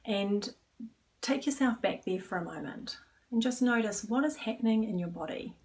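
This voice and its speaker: Calm woman coach guiding an exercise. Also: mid-range voice, moderate pace, far from the mic, slight background noise. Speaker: stress coach. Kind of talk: guided exercise instruction.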